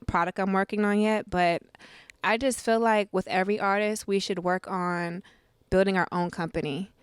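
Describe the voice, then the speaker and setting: A woman from California in her thirties, a guest musician chatting in a relaxed, coy, playful way during an interview. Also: mid-range voice, moderate pace, clear, resonant tone, no echo. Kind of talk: casual interview chat.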